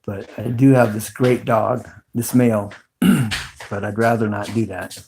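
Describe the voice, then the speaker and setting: A man's voice: fairly low pitch, steady tone, a little slow, darkish tone, slight background noise. A middle-aged man hosting a casual livestream, rambling and chatty, with frequent ums and restarts. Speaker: video host.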